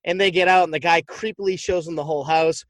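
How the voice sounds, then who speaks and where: A man's voice: fairly high pitch, fast talker, dry recording. A man co-hosting a podcast, casually and animatedly retelling a movie plot and swearing freely. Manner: animated, profane storytelling. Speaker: podcast co-host.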